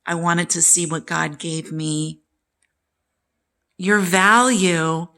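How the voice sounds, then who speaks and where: A woman's voice: lowish voice, sharp tone. A woman in her sixties, talking candidly and emphatically to her viewers about family and self-worth. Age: 60s. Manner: candid and emphatic, acting out quoted relatives. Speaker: vlogger. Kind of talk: personal storytelling to camera.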